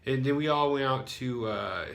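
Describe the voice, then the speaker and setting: A man's voice: medium pitch, normal speed, gravelly, a bit bright. Young American man, casual vlog storyteller, rambling with sarcastic asides. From United States. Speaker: English teacher.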